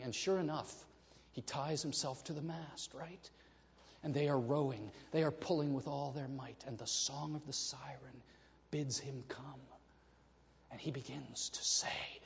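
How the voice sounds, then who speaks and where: A man preaching a sermon to his congregation, telling a story with animated delivery and acting out the voices in it. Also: mid-range voice, measured pace, creaky, a little hiss or hum. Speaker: pastor. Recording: reverberant hall, dull lo-fi sound.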